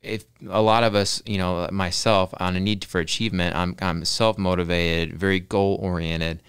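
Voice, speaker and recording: Deep-voiced man, clear and dry. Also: little pitch movement, normal speed. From Texas. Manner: earnest, repeats words while thinking, says "right?" and "man". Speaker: podcast guest. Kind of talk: casual podcast interview.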